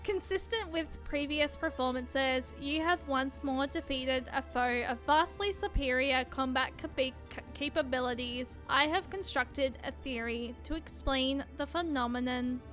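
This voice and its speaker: A cold combat machine speaks in a flat, robotic monotone, as a woman puts it on while reading game dialogue. The tone stays bright and the delivery slow and measured, every word clinical and detached. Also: sits high, soft background music. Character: cold calculating combat machine, analytical, emotionless.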